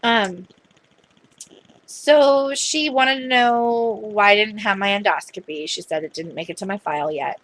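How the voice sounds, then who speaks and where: A woman's voice: mid-range voice, measured pace, a bit bright. A young adult woman vlogging in a casual, chatty way, retelling a phone call at length. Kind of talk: casual chat.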